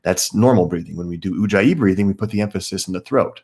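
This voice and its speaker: A man teaching a live guided meditation class, calmly explaining breathing techniques and greeting viewers by name. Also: sits low, fast.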